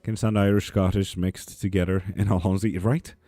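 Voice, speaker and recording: A man runs a live tarot stream at home, chatting loosely and reading out comments with crude sarcasm and frequent laughs. He speaks briskly in a low, level, warm voice. There's no echo, and faint music sits behind him.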